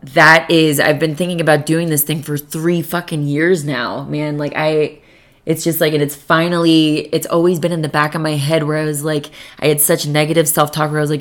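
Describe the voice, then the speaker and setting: Low-voiced, cursing young woman podcaster. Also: little pitch movement, moderate pace. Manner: rambling and profane, with many "like" fillers. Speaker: podcast host. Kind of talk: casual solo podcast monologue. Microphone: podcast microphone.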